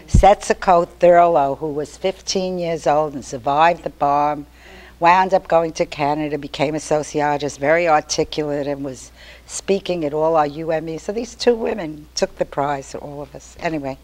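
A woman's voice: low-pitched, moderate pace. An older woman giving a chatty, storytelling talk to an activist meeting. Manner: chatty, storytelling, animated quotes. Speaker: activist speaker.

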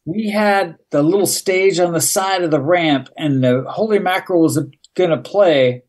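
A man telling tour stories as a guest in casual chat, excitable and full of swearing. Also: high-pitched, normal speed. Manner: excitable, profane, acts out quotes. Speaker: guest, former tour crew. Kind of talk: casual storytelling.

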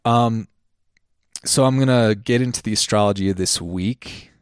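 A man's voice: fairly low pitch, normal speed, clean tone, no echo, clean studio sound. A man hosting a podcast, giving a casual astrology forecast in a loose, chatty way with many ums, and a little out of breath. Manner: loose and chatty, with frequent ums and self-corrections. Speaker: podcast host.

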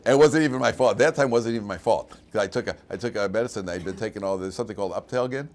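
An older man with a fairly low voice leads a Torah class. He tells stories, and his pitch and loudness jump up and down as he does. He often laughs at his own jokes. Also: racing. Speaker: rabbi teaching a weekly Torah class. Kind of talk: lively class talk with personal anecdotes.

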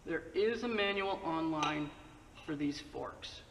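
A man's voice: a little high, takes it slowly, vocal fry, fairly bright tone. A man hosting his own motorcycle channel, talking casually through a how-to with chatty, joking asides. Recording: distant echoey mic, faint noise.

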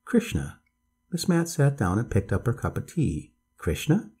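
A man calmly reading a bedtime story aloud as narrator, in a measured storytelling voice. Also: mid-range voice, breathy edge.

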